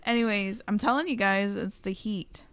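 A woman's voice: medium pitch, normal speed, fairly bright tone. A woman co-hosting a podcast at home with the windows open, telling stories in a chatty, casual way and laughing often. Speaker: podcast co-host. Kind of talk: casual storytelling chat.

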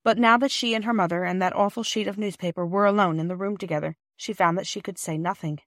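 A woman reading a classic children's novel aloud in gentle, measured narration. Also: medium pitch, steady tone, dry recording, studio quality. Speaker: audiobook reader. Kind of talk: scripted narration.

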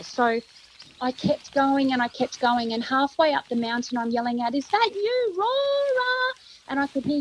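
A middle-aged Australian woman, a grandmother, vividly retelling a tense search in an interview and acting out her own shouts and thoughts. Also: sits high. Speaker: grandmother of a found child. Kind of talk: emotional interview storytelling. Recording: dull lo-fi sound.

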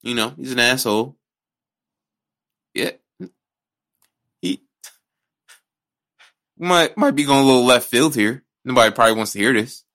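A man's voice: mid-range voice, a little slow, pauses often, fairly bright tone. A man co-hosting a podcast in casual chat, ranting and joking with lots of swearing. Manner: ranting, profane, jokey. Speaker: podcast co-host.

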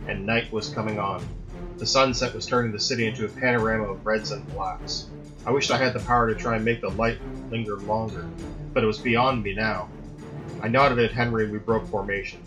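A man reading a dramatic story aloud in a steady storytelling voice. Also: on the low side, brisk, music in the background, low-quality recording. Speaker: narrator. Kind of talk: scripted audiobook narration.

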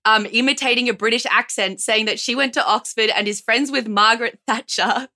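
An Australian woman trading chatty, animated banter as a guest on a comedy podcast. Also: fairly high pitch. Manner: chatty, animated, quick to laugh.

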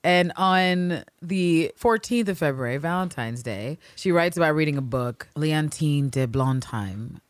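A woman co-hosting a casual history podcast, animated, often jumping into high mocking voices to act out quotes. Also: a little slow, few pauses, no echo. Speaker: podcast co-host.

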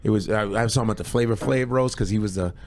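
A man who is a comedian, telling stories in casual podcast chat, animated and swearing, slipping into impressions. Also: lowish voice, fast. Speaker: comedian guest.

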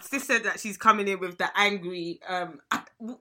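A young woman, hosting a podcast in an animated, exclamatory way and laughing often. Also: medium pitch, normal speed, loud music behind the voice. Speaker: podcast host. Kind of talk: casual chat.

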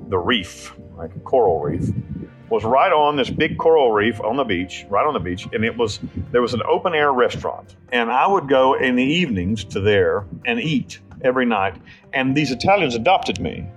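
A man's voice: medium pitch, lively intonation, normal speed, soft background music, low-quality recording. An American man telling his life story in an interview, with blunt, rambling speech, profanity and frequent restarts. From United States. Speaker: interview subject.

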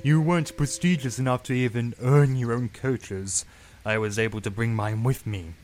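A man voicing a boastful, pompous male tank engine in a storybook reading, with a sneering, drawn-out delivery. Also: medium pitch, fairly even intonation, soft background music, close to an everyday voice.

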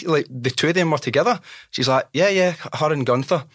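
A Scottish man hosting a podcast, telling stories in a lively, animated, casual way. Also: medium pitch, fast talker, no room sound, clean studio sound. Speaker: podcast host. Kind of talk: casual interview chat.

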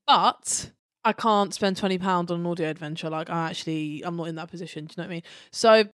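A woman's voice: mid-range voice, no room sound, clean studio sound. A woman co-hosting a fan podcast in casual chat, rambling and enthusiastic with lots of ums and restarts, now and then swearing. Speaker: podcast co-host and editor.

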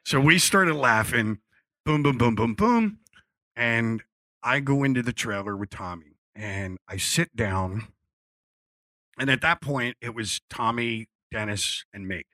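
Man from Philly, bright dry voice, lively anecdote teller who acts out dialogue. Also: medium pitch, unhurried, dry recording. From Philadelphia. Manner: animated storyteller acting out quotes, swears freely. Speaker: guest telling a story. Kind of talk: casual anecdote.

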